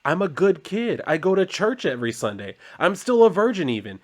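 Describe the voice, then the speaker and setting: A man's voice: high voice, big pitch swings, brisk, pitched above the performer's own voice. A man voicing an anxious, churchgoing teenage boy from a comic, read plainly. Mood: pleading.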